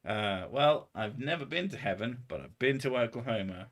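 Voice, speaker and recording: A man's voice: medium pitch, expressive, normal speed, few pauses. Man, streamer, casual chat, rambling, sardonic, swears a lot.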